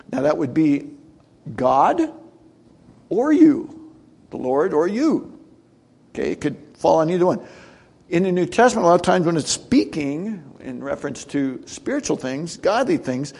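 A middle-aged man preaching in a loose, conversational way, tossing rhetorical questions at his listeners. His voice sits a little high and carries a gravelly edge. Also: a little mellow. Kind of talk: sermon.

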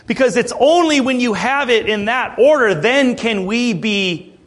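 Animated, high-voiced man preaching a sermon. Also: unhurried. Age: 30s. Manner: earnest, conversational, with asides and rhetorical questions.

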